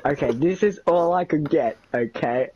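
A man's voice: fairly high pitch, normal speed, warm tone. A man chatting casually while playing a game with a friend, teasing often and laughing. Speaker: gaming channel host. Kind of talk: casual gameplay chat with a friend. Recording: dull lo-fi recording.

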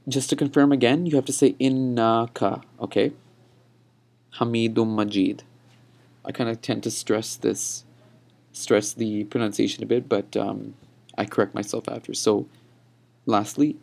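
A young man giving a patient pronunciation lesson over slides, repeating words slowly for practice. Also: medium pitch, vocal fry, mellow, husky. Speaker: teacher.

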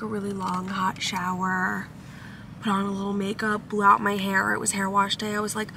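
A woman's voice: mid-range voice, completely flat delivery, moderate pace, creaky, sharp tone. A young woman vlogger chatting casually and upbeat to her viewers from a car, full of "like" fillers. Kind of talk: casual vlog chat. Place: in a car at a drive-thru. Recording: car noise in the background.

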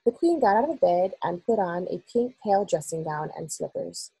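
Woman, read-aloud storybook narration, lively pitch, husky mellow tone, dry sound. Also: rough recording. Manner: expressive, unhurried storytelling. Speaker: reader for school children. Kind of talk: reading a children's novel aloud.

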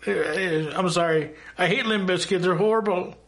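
A flustered, stammering guy caught in the act, as a man puts him on, pitched up well above his normal voice. He trips over his words and apologizes nervously. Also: moderate pace, a bit bright.

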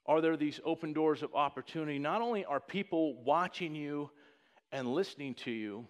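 Church pastor guy preaching, kinda high voice, jokey and lively. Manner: joking, animated storytelling with put-on high voices. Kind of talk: sermon.

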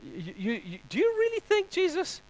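A preacher voicing a sly male tempter who mocks and taunts in a hushed, wheedling way. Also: very high voice, wildly swooping pitch, moderate pace, voice pushed up, heavily acted. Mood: taunting.

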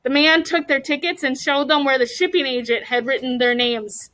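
A woman teacher reading a chapter book aloud to her class, animated and stopping to ask the children questions. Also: high voice, normal speed, low-quality recording.

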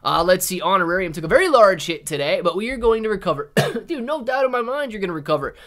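A man's voice: high-pitched, very animated, fast talker, fairly bright tone. A man hosting a live stream in loose, casual talk. He reads viewers' comments aloud and answers them, calling them dude and man. He sits close to a streaming microphone. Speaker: livestream host.

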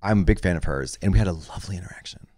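A man co-hosting a podcast in casual chat, firing off quick deadpan quips. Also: low voice, dry recording, studio quality. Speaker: podcast co-host.

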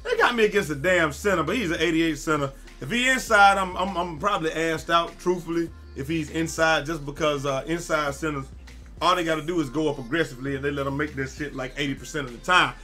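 A young man giving loud, excitable live commentary while playing a basketball video game, often yelling at his teammates. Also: fairly high pitch, fast talker, soft background music. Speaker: gaming YouTuber.

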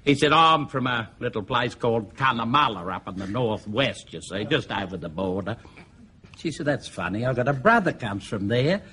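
A man's voice: mid-range voice, expressive, moderate pace, bright, forceful tone, slight background noise. An Australian man telling a long joke, spinning it as a yarn full of broad slang. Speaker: comedian.

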